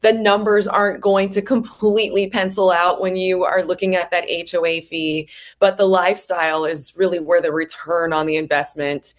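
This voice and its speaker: A woman's voice: on the low side, level tone, normal speed. A woman, a realtor guest on an interview show, explaining the market in detail with examples. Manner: knowledgeable, explains with examples and lists of questions. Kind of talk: casual interview chat.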